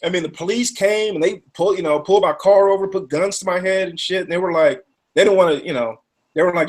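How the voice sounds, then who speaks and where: A man telling a rowdy story in casual chat, animated and profane, acting out what others said. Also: sits high, fast.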